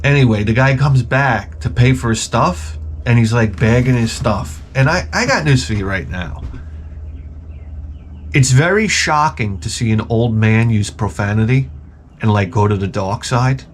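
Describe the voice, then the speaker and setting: A man's voice: medium pitch, unhurried, a little hiss or hum. A man hosting his own channel, telling a rambling, profane comic story and acting out the people in it. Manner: rambling, profane, with acted-out quotes. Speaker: channel host. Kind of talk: comedic storytelling rant.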